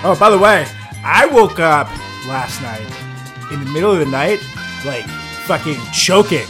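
Guy cohosting a podcast, kinda high voice, bouncy, swears and laughs a lot, music going behind. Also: a little slow. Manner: animated, laughing, profane storytelling. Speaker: podcast co-host. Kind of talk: casual chat.

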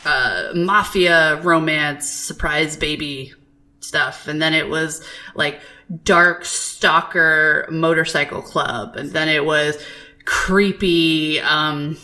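Woman podcast host, casual chat, bright voice, animated and profane. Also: low voice, slow pace.

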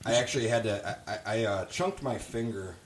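Young male podcast guest, very low voice, loose profane storyteller, faint background noise. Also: a little fast. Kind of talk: casual chat.

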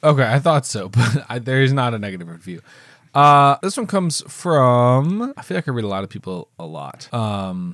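Man, podcast co-host, animated pitch, rambling, self-interrupting, dry close sound. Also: normal speed, no room sound. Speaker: co-host of a film review podcast. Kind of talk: casual chat.

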